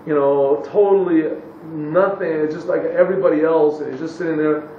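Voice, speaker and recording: A man teaching a class, translating a text phrase by phrase into English and pausing often to search for the right word. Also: fairly high pitch, fairly even intonation, a little hiss or hum. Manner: pauses to search for English words. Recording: echoey, distant, dull lo-fi room recording.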